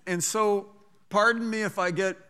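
A man's voice: high voice, steady tone, normal speed, sharp tone, clean tone, long reverb tail. A man preaching a sermon as pastor, conversational at times and rising to fervent, emphatic scripture reading, calling on the congregation to repeat lines. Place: church sanctuary.

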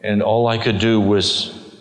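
A man slowly telling a personal faith story in an earnest way, his voice rising as the emotion builds. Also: lowish voice, level tone. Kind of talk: personal testimony. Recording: long hall reverb.

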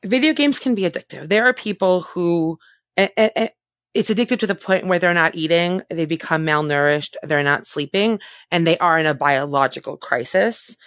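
A woman therapist answering interview questions in a thoughtful way, often pausing and correcting herself. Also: fairly low pitch, fairly bright tone, no echo, studio quality. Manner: thoughtful, self-correcting, many fillers.

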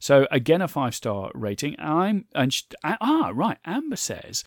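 A man hosts his podcast alone, talking in an earnest, grateful way and wandering into chatty asides. His voice is lively and goes up and down a lot. The sound is dry and close, with no room around it. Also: on the high side, moderate pace, few pauses, no room sound. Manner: earnest, thankful, reads listener reviews aloud; stumbles over names, chatty asides. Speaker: podcast host. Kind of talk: solo podcast monologue.

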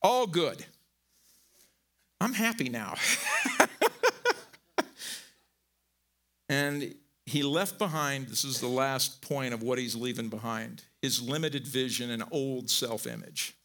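Bright-voiced animated male preacher. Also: measured pace. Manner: animated, swinging from low and quiet to loud emphatic peaks; conversational, folksy asides. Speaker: pastor. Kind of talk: sermon.

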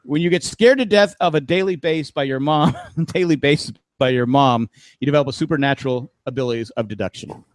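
A man's voice: mid-range voice, brisk. A middle-aged man hosting a casual podcast, telling stories with laughs and acting out what other people said. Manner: storytelling with laughs, acts out quoted voices. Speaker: podcast host.

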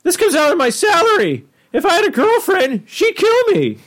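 Squeaky, whiny teen boy with a cracking voice. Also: sing-song, moderate pace, a bit bright, heavily acted. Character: squeaky-voiced teenage boy, nervous and put-upon.

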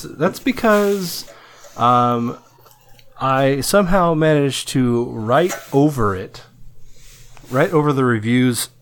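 A man's voice: medium pitch, slight background noise. A man, a parent, co-hosting a podcast in casual chat, rambling and swearing freely. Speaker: podcast co-host.

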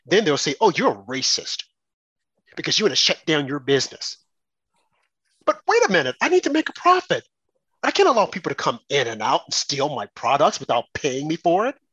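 A man with a somewhat bright, husky voice, recorded dry, delivers an indignant political commentary monologue. He mocks his opponents by quoting them in a raised, put-on voice and leans on rhetorical questions.

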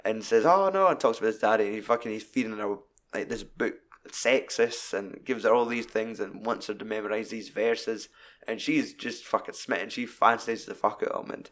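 A man's voice: fairly low pitch, normal speed. Sweary man in casual film chat. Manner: sweary, rambling, animated retelling.

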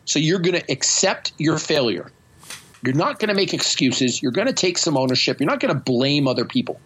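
A man's voice: on the high side, sing-song, a little fast, a bit bright, slightly rough, rough recording. A man hosting a podcast, telling stories in a blunt, profane, self-mocking way. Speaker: podcast host. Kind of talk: casual storytelling chat.

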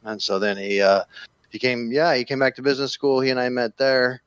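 A man being interviewed as a game developer, explaining in a relaxed way with plenty of "you know" fillers. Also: medium pitch, a little fast, smooth, dry recording, highs cut off. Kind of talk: casual interview talk.

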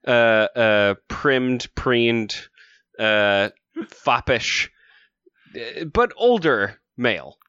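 Bright, lively man making dry quips. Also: mid-range voice, extremely slow, smooth, no room sound, lo-fi sound. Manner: wry quips and laughing asides. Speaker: podcast co-host. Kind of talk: casual chat.

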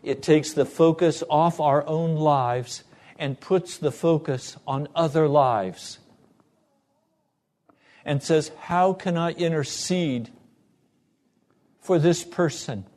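A man's voice: on the high side, slow, long pauses, a little mellow. A man preaching as a pastor, earnestly retelling conversations and rising to fervent emphasis. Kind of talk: sermon.

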